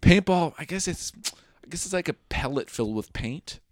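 A man's voice: fairly high pitch, lively intonation, normal speed, no room sound, clean studio sound. A young man co-hosting a podcast, rambling through a jokey, profane recap in casual chat. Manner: rambling, jokey, swears freely. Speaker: podcast co-host.

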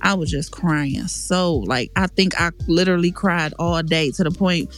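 A woman's voice: on the low side, normal speed, soft background music. A woman guest on a podcast, telling a painful personal story in a frank, emotional, slangy way with many restarts.

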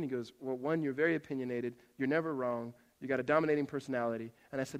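A middle-aged man preaching a sermon, telling stories and swinging from loud animated bursts to hushed asides. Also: mid-range voice, rapid-fire. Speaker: pastor. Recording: long reverb of a hall.

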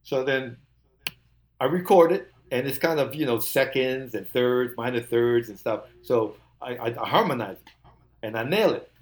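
An older man, a musician guest, telling an animated story, laughing often and acting out the quotes. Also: medium pitch, moderate pace.

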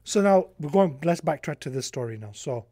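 A young man, a podcast guest, telling a rambling, animated story in casual chat, swearing freely. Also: fairly high pitch, brisk.

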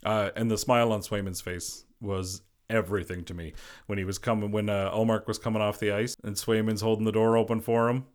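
A man with a fairly low voice hosts a solo sports podcast in a casual, unscripted way. He is a former goalie who rambles through his thoughts and keeps reaching for "you know" and "like" as fillers. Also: flat delivery, fairly quick. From Boston area. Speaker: podcast host.

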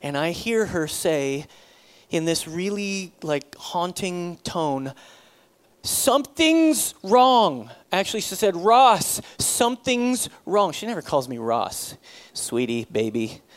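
A middle-aged man, a pastor, telling a personal story in a sermon, acting out the dialogue with sudden loud bursts. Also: on the high side, expressive, a little slow.

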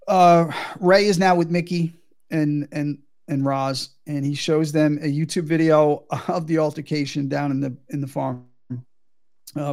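Guy recapping a movie, lots of ums, gravelly, a bit high. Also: a little mellow. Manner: halting, many fillers. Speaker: podcast co-host. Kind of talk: casual recap of a film.

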